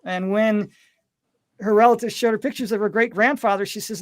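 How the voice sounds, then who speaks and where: A man hosting a live video chat, telling stories in a relaxed way with many fillers and acting out the voices he quotes. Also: high voice, brisk, no room sound. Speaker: host.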